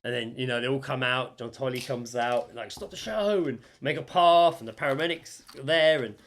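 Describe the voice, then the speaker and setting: A man's voice: mid-range voice, steady tone, a little fast, a bit bright. A man co-hosting a podcast, telling a story in casual chat and acting out the people he quotes. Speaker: podcast co-host.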